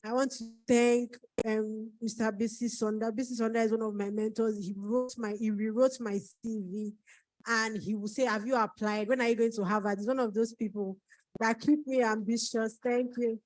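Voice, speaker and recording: A woman's voice: fairly high pitch, steady tone, normal speed, darkish tone, dry recording, poor audio. A woman from Nigeria, an author giving an emotional thank-you speech at her book launch, fighting back tears. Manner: tearful, holding back crying.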